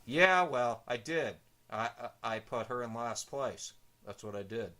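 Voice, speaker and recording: A man's voice: medium pitch, lively intonation, a little slow, sharp tone. A man hosting an online news show, chatting with his co-host and signing off the program in a folksy way. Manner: folksy, chatty, announces the lineup. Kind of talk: show host banter and sign-off.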